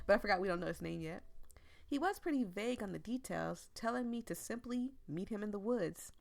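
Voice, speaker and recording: A woman's voice: mid-range voice, animated, brisk, vocal fry. A young woman from the United States chatting casually while playing a story game, rambling, laughing often and losing her voice. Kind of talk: casual chat while reading game text aloud.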